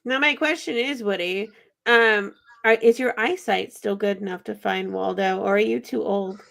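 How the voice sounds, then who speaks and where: Woman, gravelly voice, playful teasing, casual podcast chat. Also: medium pitch, moderate pace, fairly bright tone. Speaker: podcast guest.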